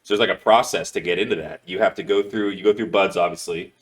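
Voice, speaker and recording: Deep-voiced man telling a rambling story. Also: fast talker. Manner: rambling, heavy swearing, many "like" fillers. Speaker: podcast host. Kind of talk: casual storytelling chat.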